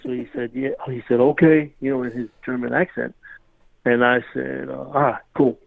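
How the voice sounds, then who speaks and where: A man's voice: mid-range voice, big pitch swings, normal speed, creaky, no echo, phone-quality sound. A man telling a rambling, casual story as a podcast guest, repeatedly saying "you know what I mean".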